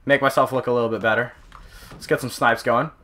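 A young man commenting over his own gameplay, excitable and often yelping and exclaiming. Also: mid-range voice, fast. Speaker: gaming channel host.

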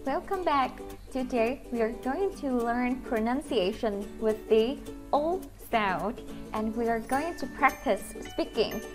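A woman with a Vietnamese accent teaching English pronunciation to children, slowly drawing out each vowel sound. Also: fairly high pitch, animated, music in the background. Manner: slow, sing-song teacher talk, drawing out vowel sounds.

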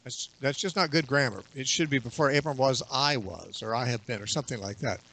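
Male bible teacher, radio guest, steady explanatory delivery, mid-range voice. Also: medium pitch, gravelly. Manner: explanatory, measured, quotes scripture at length. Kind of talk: radio interview.

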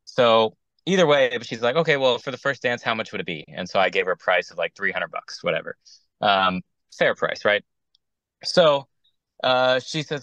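A man's voice: mid-range voice, animated, moderate pace, fairly bright tone, dry recording, muffled recording. A man working as a wedding DJ, telling a rambling, exasperated story on a casual round-table show, acting out both sides of each conversation.

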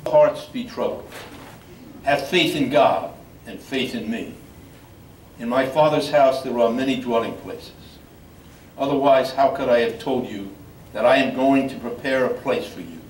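An older man, a priest, reading scripture in a measured, solemn way at a memorial service. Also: medium pitch. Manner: measured solemn reading, halting when speaking freely. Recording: echoey room from far off, faint background noise.

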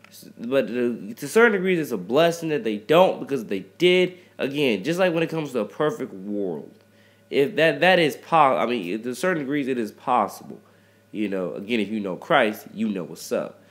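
A man's voice: medium pitch, expressive, moderate pace. A man giving rambling advice on love and friendship to his viewers, repeating himself and restarting often in a preachy way. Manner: addresses listeners as ladies and gentlemen. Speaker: rapper talking to viewers.

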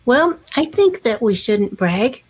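A woman storyteller telling a folk tale to children in a gentle, unhurried way. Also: a little high, very animated, slightly rough, poor audio.

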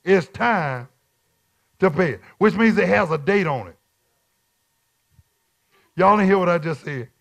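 A man preaching at Bible study as a bishop, repeating his lines in call-and-response and swinging from quiet talk to shouts. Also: high-pitched, expressive, a little slow, gravelly, long pauses.

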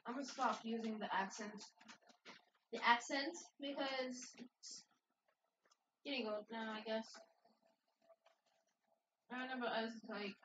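A woman's voice: a little high, fairly even intonation, measured pace, pauses often. A woman vlogger chatting casually with teasing, rambling asides while crafting. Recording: echoey, distant, dull, noisy room.

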